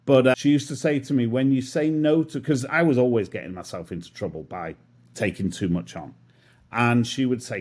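A man's voice: mid-range voice, fairly quick, a little mellow. A man in his fifties, a guest in an interview, musing in a self-deprecating way as he talks through his lessons. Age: 50s. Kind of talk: reflective interview conversation.

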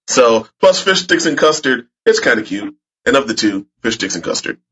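A man's voice: mid-range voice, sing-song, normal speed, fairly bright tone. Blunt joking man with faint background noise. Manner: joking, blunt, swears casually. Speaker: podcast panelist. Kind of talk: casual panel chat.

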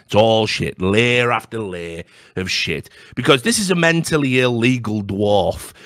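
A man rants on his podcast in a mocking, comic way. He swears freely and stumbles into restarts. His voice is bright and forceful and swoops all over the place. It sounds close and dry. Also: lowish voice, lively intonation, unhurried, no room sound. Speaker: podcast host. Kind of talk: comedic rant.

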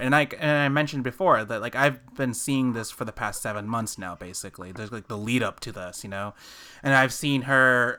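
Animated man, bright clear voice. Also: mid-range voice. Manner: animated storytelling, lots of fillers. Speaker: podcast host. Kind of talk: casual chat.

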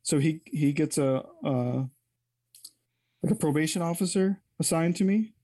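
A man's voice: on the high side, a little slow, dark tone, no room sound. A man telling a personal story as an interview guest, candid and rambling, often correcting himself mid-sentence.

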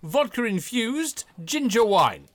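A man's voice: very high voice, sing-song, takes it slowly, slight background noise. A man co-hosting a podcast with chatty, giggly, tipsy banter. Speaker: podcast co-host. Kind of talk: casual chat.

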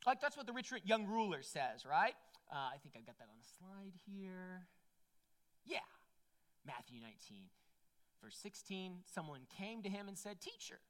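Brief: woman preacher, chatty and animated, lively rising and falling pitch. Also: normal speed. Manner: conversational, animated, frequent "right?" and "like". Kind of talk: sermon.

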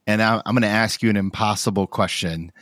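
Podcast host, lower voice, easygoing interviewer, dry close-mic sound. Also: male voice, a little fast, dry recording. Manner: relaxed questioning, friendly interjections.

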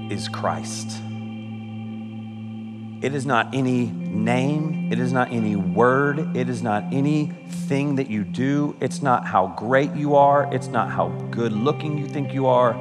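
A man preaching a sermon as pastor, animated, breaking into playful mock exasperation and sudden exclamations. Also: mid-range voice, in a large hall.

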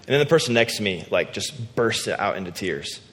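A man preaching a sermon in a relaxed, conversational, self-deprecating storytelling way. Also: fairly low pitch, brisk. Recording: long hall reverb.

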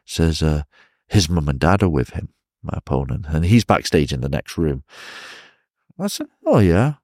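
A man with an English accent, a professional wrestler telling stories in a casual interview, animated and chuckling often. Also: rumbling low, normal speed, no room sound, studio quality. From England.

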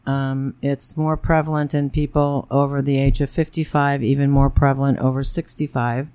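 A woman's voice: extremely low pitch, little pitch movement, normal speed, dark tone, clear, resonant tone, no echo. A woman in her forties co-hosting a podcast in casual chat, blunt and frank and swearing freely. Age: 40s. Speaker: podcast co-host.

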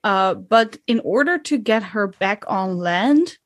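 Woman game master narrating a tabletop game, unhurried and descriptive, dry close recording. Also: mid-range voice, lively intonation, dry recording.

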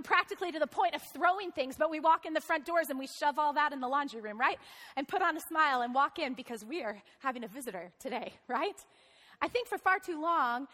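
A woman's voice: high voice, fairly bright tone. Woman pastor preaching, chatty, keeps asking the crowd stuff, long echo. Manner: conversational preaching, asks the congregation questions. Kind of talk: sermon.

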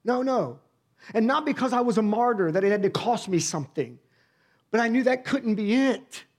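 Middle-aged pastor guy telling his testimony from the pulpit, kinda high voice, goes quiet then loud. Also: lively intonation, normal speed. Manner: conversational storytelling, swings from hushed to emphatic. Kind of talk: sermon testimony.

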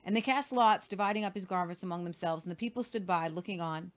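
A woman's voice: lowish voice, quick pace. A woman co-hosting a Christian show, reading scripture aloud with casual commentary. She reads earnestly and sometimes stumbles and repeats words.

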